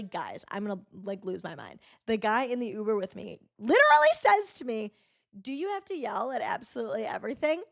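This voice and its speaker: A woman's voice: mid-range voice, creaky. A young woman hosting a podcast, telling a story in loose, chatty talk full of fillers and swearing. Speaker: podcast host. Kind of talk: casual storytelling monologue.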